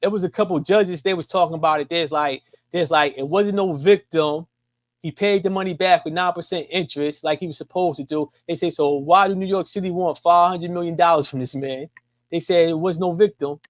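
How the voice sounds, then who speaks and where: Male co-host, high voice, rambling slang-heavy chat, dull dry remote audio. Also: brisk, no echo. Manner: rambling, restarts often, casual slang. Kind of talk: casual political chat. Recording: muffled lo-fi call audio.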